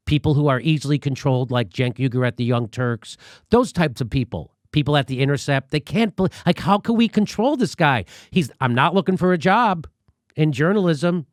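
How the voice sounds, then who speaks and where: A man's voice: mid-range voice, dry recording, clean studio sound. A man hosting a comic political commentary show, ranting sarcastically and swearing often. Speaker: host.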